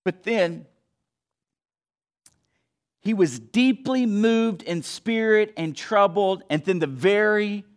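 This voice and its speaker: A man preaching a sermon with a strikingly high voice. He speaks slowly and deliberately, swinging between hushed passages and emphatic pushes. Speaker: pastor.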